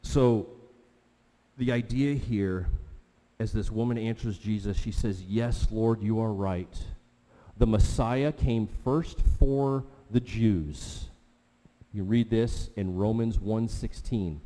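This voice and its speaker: A male pastor preaching a sermon in a big hall, his words ringing out with a long reverb. His voice is very dark and mellow. He tells his story with animated swings between quiet talk and loud exclamations. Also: lowish voice, takes it slowly.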